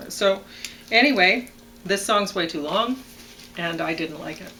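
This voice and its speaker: Woman, casual co-host, bright voice, reads lyrics and explains word stress, lots of ums, faint background hiss. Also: mid-range voice, animated, measured pace, low-quality recording. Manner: reads lyric lines, then explains which word should be stressed, with fillers. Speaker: podcast co-host reviewing songs. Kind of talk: casual analytical chat.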